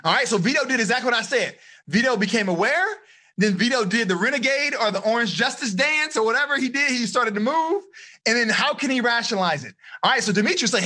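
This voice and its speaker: A man coaching teenagers on a video call, energetic and encouraging, quizzing his listeners as he teaches. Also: extremely high pitch, fast talker. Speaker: life coach. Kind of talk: live online seminar for teens.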